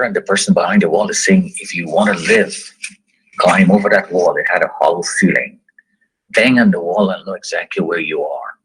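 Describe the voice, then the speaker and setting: A middle-aged man with a deep, very husky voice tells his own story. He speaks in slow, halting sentences, pausing often between phrases. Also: pushed and bright, low-quality recording. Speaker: survivor giving a testimony. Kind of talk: personal story told to students.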